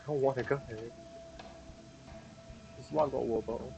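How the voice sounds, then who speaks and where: A man's voice: medium pitch, fairly even intonation, fairly quick, vocal fry, long pauses, low-quality recording. A man giving jumpy, swearing commentary while playing a horror game, talking to himself nervously. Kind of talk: let's play commentary.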